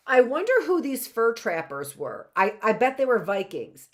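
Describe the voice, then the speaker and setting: A woman teacher reading a history book aloud to a live online class, breaking off to think out loud and checking in with "right?". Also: mid-range voice, very animated, moderate pace. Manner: chatty, thinks aloud, often asks "right?".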